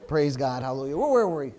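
Animated high-voiced male pastor preaching. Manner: animated, frequent praise interjections, conversational. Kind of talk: sermon. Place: church before a congregation.

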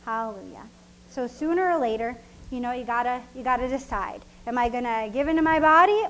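A woman's voice: a little high, a bit bright, low-quality recording. A woman preaching a sermon in a casual, conversational way that repeats its points and breaks into laughter. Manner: conversational and repetitive, with frequent laughs.

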